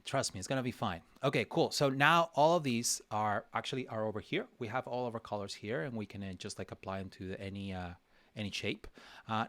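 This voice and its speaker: A man's voice: medium pitch, a bit bright, no echo. A man teaching a live drawing session in a casual way, thinking aloud, talking to himself and mocking himself playfully as he works. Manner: thinks aloud while working, talks to himself; chatty with frequent restarts and fillers. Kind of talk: casual livestream tutorial.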